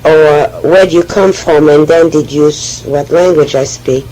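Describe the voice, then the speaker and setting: A woman with a French accent, speaking haltingly and often restarting as she tells her personal oral history. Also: deep voice, steady tone, dark tone, rough recording. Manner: hesitant, halting, with frequent restarts. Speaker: memoir speaker.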